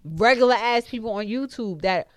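A woman's voice: a little high, expressive, moderate pace, no room sound, studio quality. A woman hosting a podcast in casual chat, ranting bluntly and emphatically with heavy swearing. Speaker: podcast host.

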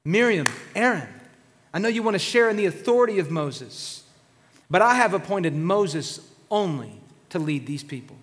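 A male pastor with a high-pitched voice preaches an animated, conversational sermon. He sounds as if he is in a church sanctuary, and the long reverb of a big hall hangs on every word. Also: normal speed.

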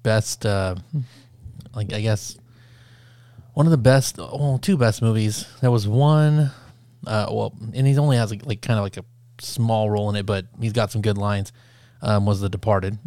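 A man's voice: on the low side, moderate pace, mellow, no room sound. A man co-hosting a podcast in casual chat, rambling with lots of fillers and swearing. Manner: rambling, filler-heavy, profane. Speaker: podcast co-host.

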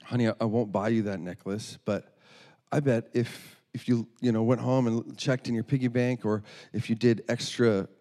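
A man's voice: mid-range voice, steady tone, normal speed, mellow, in a large hall, close to an everyday voice. A man voicing a reassuring mom. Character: kind, reassuring mother.

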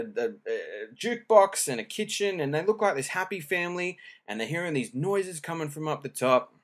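A man's voice: a little high, fairly bright tone. A man talks alone into a home mic and reviews films in loose, chatty podcast fashion. He wanders off track, doubles back on his words and jokes at his own expense. The delivery is unpolished and conversational, with no script behind it. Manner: rambling, chatty, self-deprecating, with many fillers and restarts. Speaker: podcast host. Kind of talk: casual solo movie review chat. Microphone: home recording.

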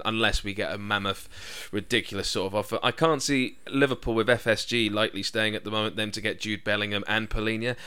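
A man's voice: fairly low pitch, sharp tone, clean tone. A man hosting a casual football podcast, chatty and enthusiastic, with frequent fillers and restarts. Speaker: podcast host.

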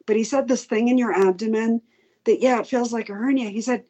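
A woman's voice: fairly high pitch, a little fast, husky. A middle-aged woman, a patient advocate, candidly retelling her story in an interview, acting out the doctors' lines as she goes. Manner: candid, animated retelling with quoted dialogue. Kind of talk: personal story told in an interview.

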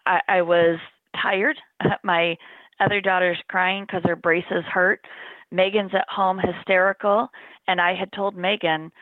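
A middle-aged woman recounts her story as an interview guest, speaking earnestly and plainly, often in the present tense. Her voice sits low. The sound is dry and narrow, like a phone line. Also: little pitch movement, unhurried, no echo. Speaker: interview guest, bereaved mother. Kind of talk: personal account in an interview.

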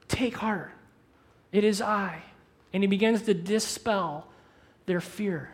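A man preaching a sermon as pastor, animated, moving between loud emphasis and hushed, slow phrases. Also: high-pitched. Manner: quick asides mixed with slow, drawn-out phrases.

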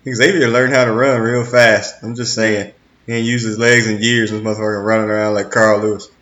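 A man's voice: on the low side, flat delivery, a little fast, a bit bright, highs cut off, slight background noise. A man co-hosting a casual watch-along chat, joking and explaining background details. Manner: laid-back, joking, explains history. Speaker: podcast co-host.

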